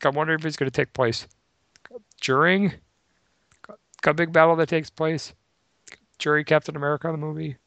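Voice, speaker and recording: A man's voice: on the high side, steady tone, moderate pace, vocal fry, pauses often, fairly bright tone, no echo. A man co-hosting a podcast in casual chat, chipping in short remarks and dry joking asides. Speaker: podcast co-host.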